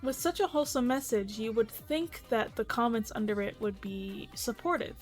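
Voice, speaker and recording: A woman's voice: a little high, moderate pace, soft background music. A woman vtuber giving casual, blunt commentary, swearing freely and reading posts aloud.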